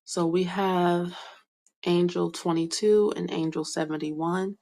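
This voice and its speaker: A young woman giving a soft, hesitant spiritual card reading, full of fillers and whispered asides. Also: on the low side, level tone, slow pace. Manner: whispers names to herself while reading cards. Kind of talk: slow meandering card reading monologue.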